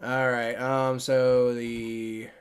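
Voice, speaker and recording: A man's voice: mid-range voice, little pitch movement, extremely slow, smooth. A young man casually reacting on a live stream, rambling with many restarts and frequent swearing. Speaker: streamer reacting to a sports draft.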